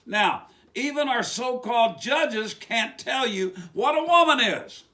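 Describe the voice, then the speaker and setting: Lively high West Virginia-accented preacher man. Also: unhurried. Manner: rambling, with rhetorical questions. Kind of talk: informal sermon monologue.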